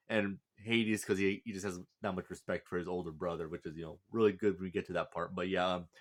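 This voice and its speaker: Male reviewer with a slightly low voice, loose rambling recap full of restarts. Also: fairly bright tone. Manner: rambling, heavy on fillers and restarts. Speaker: anime reviewer. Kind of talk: casual plot recap and character review.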